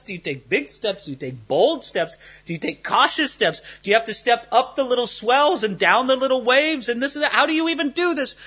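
A man preaching a sermon, telling the story with lively rhetorical questions and animated emphasis. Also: high voice, highs cut off. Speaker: pastor.

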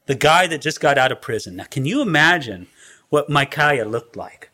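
A man preaching a sermon who tells the story in an animated way and acts out the scenes. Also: mid-range voice, normal speed, husky. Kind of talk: expository sermon.

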